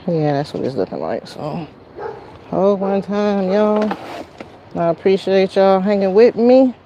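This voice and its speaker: Woman host on a garden livestream, slow, mellow, faint traffic behind. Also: medium pitch, very animated, muffled recording. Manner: chatty, greets viewers by name, says y'all. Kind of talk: casual live-stream chat while potting. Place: outdoor garden near a road.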